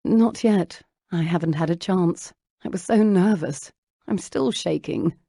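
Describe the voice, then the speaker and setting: A woman narrating an audiobook, voicing an earnest bookish young woman who speaks intently, a little hurried. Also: lowish voice, gravelly, dark tone, slightly rough, dry recording, studio quality, heavily acted.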